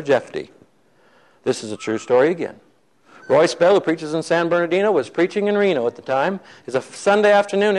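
Male preacher, slightly raised pitch, gravelly texture, animated storytelling sermon. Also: rough recording. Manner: animated storyteller acting out quoted voices.

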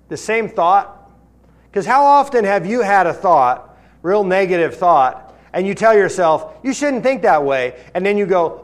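High-voiced man preaching a sermon. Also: lively intonation, a little slow. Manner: earnest, rises in pitch and volume when reading scripture, drops low for emphasis. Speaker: pastor.

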